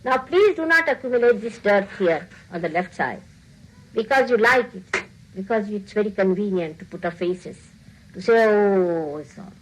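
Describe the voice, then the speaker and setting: A woman's voice: mid-range voice, animated, normal speed, low-quality recording. Woman giving a spiritual talk, teasing and scolding her listeners, laughs a lot, faint noise behind. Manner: acts out quoted voices. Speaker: spiritual teacher.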